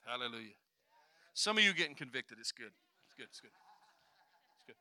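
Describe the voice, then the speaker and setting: A man preaching a sermon, swinging from quiet asides to loud declarations and acting out voices. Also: medium pitch, lively intonation, a little fast, no room sound.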